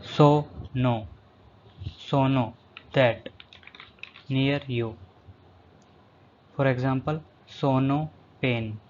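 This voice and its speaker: Very slow man drilling vocabulary. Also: medium pitch, fairly even intonation, a little mellow. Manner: says each word twice, then the English. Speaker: language teacher. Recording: slightly dull lo-fi recording, faint background hum.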